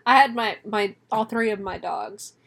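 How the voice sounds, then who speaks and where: A woman's voice: medium pitch, a little slow, fairly bright tone. A young woman co-hosting a casual movie review chat, swearing freely, laughing often and acting out the characters. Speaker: podcast co-host.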